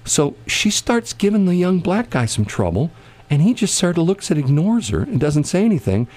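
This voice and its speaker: A man's voice: a little high, sing-song, normal speed, a little mellow. A man casually telling a long anecdote in conversation, rambling with many restarts and bursts of laughter. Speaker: storyteller in a conversation.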